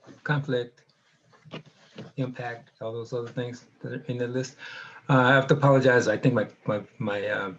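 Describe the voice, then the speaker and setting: Male moderator, halting questions, muffled webinar audio. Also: mid-range voice, steady tone.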